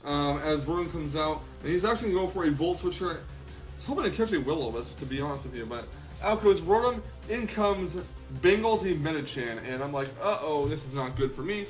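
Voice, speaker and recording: A young man commentates a game battle in a quick, casual flow. His voice sits a little high, and he stumbles and fixes his words often. Soft music plays quietly behind him. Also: lively intonation. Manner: chatty, fast, with frequent ums and self-corrections. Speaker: gaming channel host.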